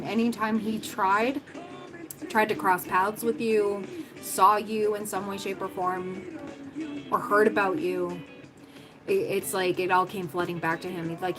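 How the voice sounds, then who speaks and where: A woman's voice: mid-range voice, rough recording. A woman giving a livestream tarot reading, talking casually and thinking aloud with lots of fillers. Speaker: tarot reader. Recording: music playing under the voice.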